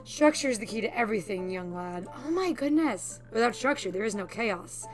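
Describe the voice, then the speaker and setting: A woman's voice: medium pitch, expressive, fairly quick, soft background music, lightly acted. A woman voicing an ancient, courteous undead male archivist in a plain voice with old-fashioned phrasing.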